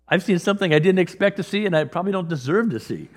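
A man preaching a sermon in a conversational way, growing animated as he acts out scripture. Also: high-pitched, racing, few pauses. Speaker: pastor. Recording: long reverb of a large hall.

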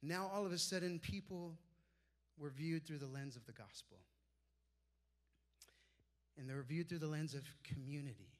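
Man preaching, warm storytelling. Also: normal speed, long pauses. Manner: personal storytelling, drops soft and low for quoted mentors. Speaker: pastor. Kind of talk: sermon.

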